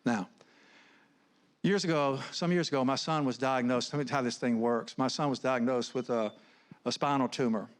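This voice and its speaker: A man's voice: mid-range voice, moderate pace. A middle-aged man, giving an earnest, conversational sermon full of personal stories, often restarting his words. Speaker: guest speaker, counselor. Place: church stage.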